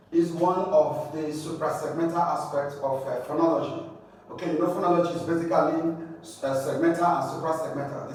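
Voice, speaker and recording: A man with a Nigerian English accent teaches at a board in a high voice, sounding out words again and again. The sound is boomy and echoing. He is caught from a distance, with faint room noise underneath. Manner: repeats and drills words aloud. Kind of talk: classroom lesson at a board. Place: classroom. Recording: echoey room, distant mic.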